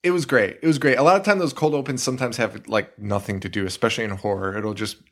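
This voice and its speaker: A man co-hosting a horror movie podcast, excitedly retelling scenes in casual, profane chat. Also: on the low side, fast talker. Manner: excitable, swearing, retells scenes with quoted voices. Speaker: podcast co-host.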